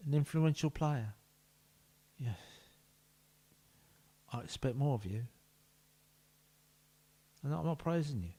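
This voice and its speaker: A man's voice: mid-range voice, lively intonation, slow, pauses often, mellow, slightly rough. A man, streaming a football management game and talking playfully to each player, often dropping to a whisper. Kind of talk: live-streamed game commentary.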